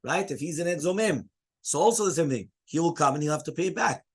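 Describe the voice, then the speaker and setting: A man's voice: a little high, lively intonation, quick pace, breathy edge. A man who is a rabbi leading a Talmud study class, explaining step by step, fielding students' questions and often checking in with "right?".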